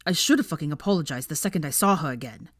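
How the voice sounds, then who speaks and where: A woman plays a guilt-ridden young man whose words tumble out urgently and painfully in this fan fiction reading. The voice sits fairly low and close, with a dry, unreverberant sound. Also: expressive, quick pace, dry recording. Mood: insistent. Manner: urgent, pained, swearing.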